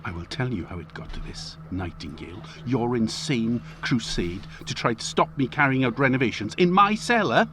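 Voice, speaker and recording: A man voicing a pompous, menacing upper-class English gentleman with a plummy, sneering voice, dropping into hissing whispers. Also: mid-range voice, expressive, moderate pace, few pauses, voice pushed down. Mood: haughty. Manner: swings from bluster to hissing whispers.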